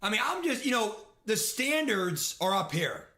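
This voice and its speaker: A man's voice: sits high, big pitch swings, normal speed, sharp tone, a little hiss or hum. A young man streaming a football video game, ranting and swearing in frustration as he plays. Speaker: gaming streamer. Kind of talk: live game commentary rant.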